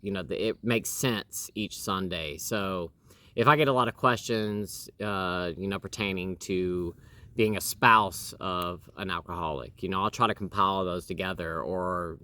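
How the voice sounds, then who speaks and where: A man's voice: low voice, a little slow, bright, forceful tone. A man in his thirties hosting a casual home interview with his wife, rambling with lots of fillers and restarts.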